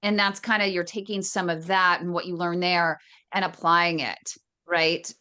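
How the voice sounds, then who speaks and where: A woman's voice: fairly low pitch, level tone, moderate pace, bright, forceful tone, smooth. A woman co-hosting a radio interview, talking conversationally and checking in with the guest. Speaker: radio show co-host.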